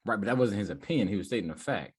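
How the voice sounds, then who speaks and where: Low, husky male podcast co-host who talks fast and argues matter-of-factly. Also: expressive. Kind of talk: casual chat.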